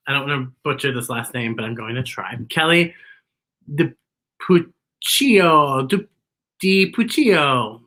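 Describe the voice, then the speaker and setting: A woman's voice: rumbling low, slow pace. A woman hosting a children's story time, reading a picture book aloud and talking playfully and directly to young listeners. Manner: playful, animated, talks straight to kids.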